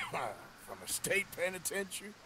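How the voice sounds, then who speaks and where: A man voicing a weary, gruff frontier outlaw who grumbles in a dry, sardonic way. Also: sits high, wildly swooping pitch, unhurried, heavy background noise, full character voice. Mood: dry grumbling. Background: game music.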